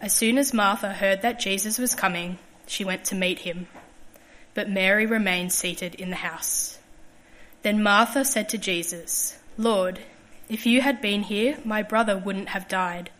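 A woman's voice: medium pitch, unhurried, a bit bright, rough recording. Woman reading scripture steadily. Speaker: scripture reader. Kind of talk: Bible reading.

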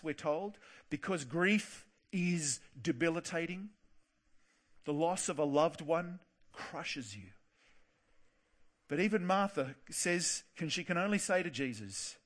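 A man preaching a sermon earnestly, slowing down to stress key words. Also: a little high, a bit bright. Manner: earnest, slows down for emphasis.

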